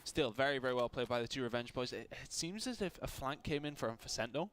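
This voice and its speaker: A man giving quick analytical color commentary for an esports match. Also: medium pitch, a bit bright.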